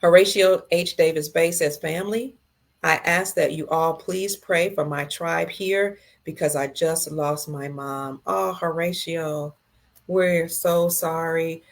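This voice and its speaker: A middle-aged woman hosting a casual livestream, reading viewer comments aloud and answering them slowly and tenderly. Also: low voice, fairly even intonation, creaky.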